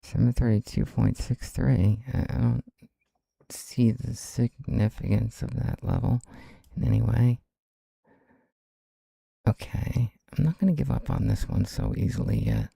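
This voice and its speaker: A man's voice: medium pitch, measured pace, creaky, warm tone, slightly rough, no echo. A man streaming his day trading live, talking to himself, muttering and swearing under his breath in frustration.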